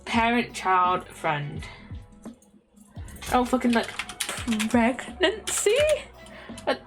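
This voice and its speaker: A young woman streams a word game from home, talking unhurriedly and swearing as she mutters through her guesses. Her voice sits fairly high and swings widely in pitch. Soft lo-fi music plays faintly underneath. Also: wildly swooping pitch, very slow. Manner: swears constantly, thinks aloud while guessing words. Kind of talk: casual game commentary.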